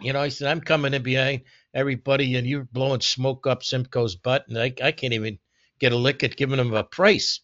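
A man's voice: medium pitch, fairly bright tone, dry recording. A man reminiscing casually in a group conversation, rambling through anecdotes with many restarts and quoted dialogue. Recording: dull lo-fi recording.

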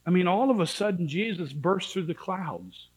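A man preaching a sermon in a church, impassioned, swinging between shouted warnings and low pleading. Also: expressive, normal speed, husky, poor audio.

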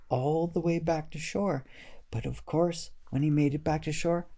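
A man narrating a children's story in a gentle, unhurried way. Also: on the high side, creaky.

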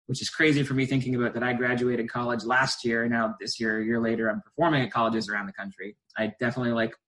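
A man's voice: mid-range voice, little pitch movement, a bit bright, low-quality recording. A man in his twenties, a stage hypnotist, explaining his work in a casual interview with eager run-on sentences. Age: 20s. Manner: enthusiastic, quick run-on explanations. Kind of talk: conversational interview.

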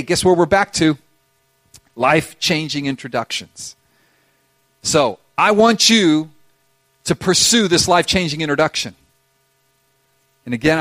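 High-voiced impassioned male preacher. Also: dry recording. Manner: impassioned, swings between loud urging and hushed intensity. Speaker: pastor. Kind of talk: sermon.

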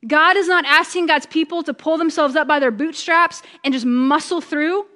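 A woman preaching a conversational sermon, chatty and joking, slowing down for emphasis. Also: high-pitched, sharp tone, big-room sound.

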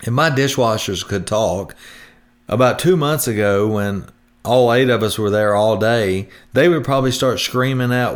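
A man hosts a retirement planning show in a relaxed, folksy style. His voice sits at an ordinary pitch, and his chatty, homespun delivery wanders through stories with frequent restarts. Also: normal speed. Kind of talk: folksy radio talk.

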